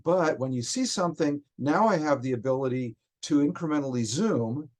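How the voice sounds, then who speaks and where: A man, a software developer, explains technical details in conversation, often stopping and restarting his phrases. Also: on the high side, animated. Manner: halting, frequent restarts while explaining.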